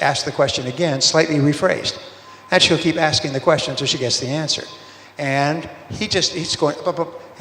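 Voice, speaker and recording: A man with a slightly raised pitch delivers a sales seminar talk, moving through anecdotes and quick snippets of acted-out dialogue. His voice rings through a large hall with a long reverb tail, and faint ambience sits underneath. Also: a bit bright, slight background noise. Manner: storytelling, acts out dialogue with quoted voices. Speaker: sales speaker.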